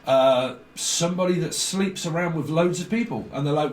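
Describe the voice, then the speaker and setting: A man's voice: fairly high pitch, moderate pace, slight background noise. Rambling man, roomy far-off sound. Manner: free-associating, swearing, frequent fillers. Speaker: tarot reader. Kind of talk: rambling psychic reading.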